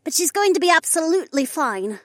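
A man's voice: very high-pitched, sing-song, brisk, sharp tone, dry recording, clean studio sound, pitched above the performer's own voice, full character voice. A man voicing a young, cheerful female nurse who reassures everyone. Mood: reassuring. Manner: chirpy, reassuring.

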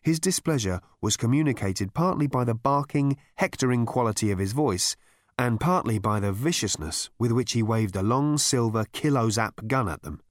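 A man narrating an audiobook with wry, dry wit. His mid-pitched voice moves with lively range, and the recording is close and dry. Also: normal speed, no room sound. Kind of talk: scripted narration.

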